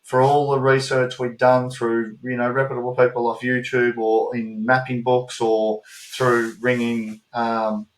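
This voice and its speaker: A man with an Australian accent co-hosting a podcast, telling animated travel stories in casual chat and swearing freely. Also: mid-range voice, a little slow. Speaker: podcast co-host. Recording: roomy echo.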